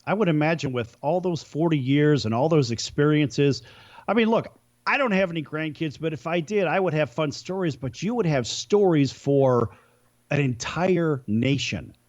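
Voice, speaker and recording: A male talk show host asks questions in a chatty, lively voice. His voice sits fairly high and swings widely in pitch, and it is heard on a dull, lo-fi recording. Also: moderate pace.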